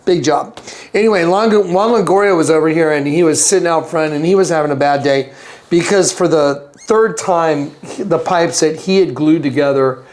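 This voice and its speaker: A man being interviewed, telling a story in an animated way, acting out the voices and laughing as he goes. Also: normal speed. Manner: acts out quotes with big pitch jumps and laughter. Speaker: interview guest.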